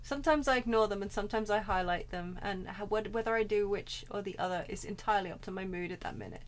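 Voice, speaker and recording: A woman's voice: mid-range voice, quick pace, a little hiss or hum. A woman streaming a game, chatting casually in a playful, teasing way. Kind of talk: casual let's-play chat.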